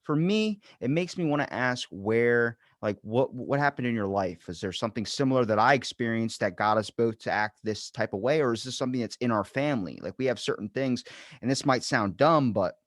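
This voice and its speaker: Male podcast host, animated casual storyteller with big pitch swings, dry close mic. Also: fairly quick, dry recording. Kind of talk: casual interview chat.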